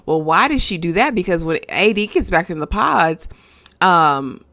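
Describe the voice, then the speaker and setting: A woman giving a casual, chatty recap of a reality show, animated and often checking in with the viewer. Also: on the low side, normal speed. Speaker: reality TV reviewer.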